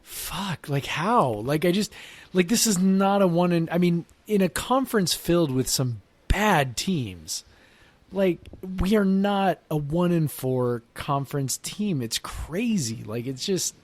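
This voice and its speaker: A man's voice: a little high, animated, slow, no echo. A tired man co-hosting a casual sports podcast from his basement, talking in a meandering way with frequent fillers that trail off. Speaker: podcast co-host. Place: home basement.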